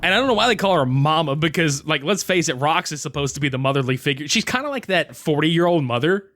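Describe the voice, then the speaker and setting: Man, slightly high voice, dry close recording, sarcastic, swearing, podcast banter. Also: lively intonation, fast, fairly bright tone, no room sound. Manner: sarcastic, profane commentary. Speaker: podcast co-host. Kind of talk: casual movie review chat.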